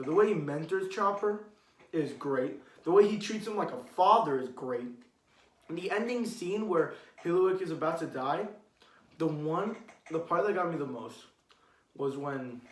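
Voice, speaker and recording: A man giving a casual spoken manga review, rambling and excitable, swearing freely and restarting his sentences. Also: a little high.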